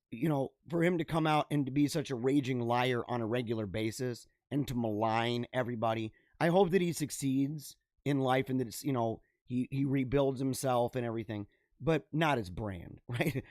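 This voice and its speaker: A podcast host with a medium-pitched, slightly mellow voice talks at a normal speed in a clean studio recording with no room sound. He casually reads odd news stories aloud and riffs on them, laughing a lot and addressing his viewers directly.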